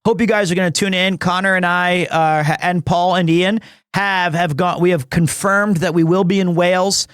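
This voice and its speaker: Man in his thirties, high voice, dry close sound, rambling jokey streamer chat. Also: fairly even intonation, moderate pace, fairly bright tone, clear, resonant tone, dry recording. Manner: rambling, self-interrupting, chuckles often; jokey and teasing. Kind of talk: casual live-stream chat.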